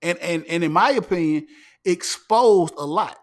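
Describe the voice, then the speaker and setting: A man leads a casual sports talk show. His voice sits high for a man. He is animated and emphatic and keeps doubling back on his words. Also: a little slow. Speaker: podcast host.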